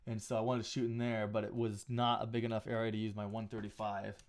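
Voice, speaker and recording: A man's voice: on the low side, flat delivery, fast. A man talking casually on a live stream while he edits photos, thinking aloud with frequent restarts and small asides. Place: home photo studio.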